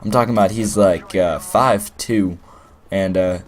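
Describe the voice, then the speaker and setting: Deep-voiced young man rambling a story. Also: unhurried. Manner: rambling and playful, heavy on fillers. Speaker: gaming commentator. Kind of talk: casual storytelling over gameplay commentary.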